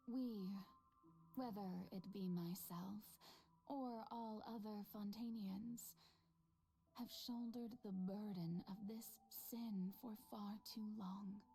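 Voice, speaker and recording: A woman's voice: medium pitch, mellow. A woman voicing a young, theatrical goddess who faces her own execution, speaking solemnly, from a fantasy game. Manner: solemn, dramatic stage-like delivery. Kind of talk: game voice acting.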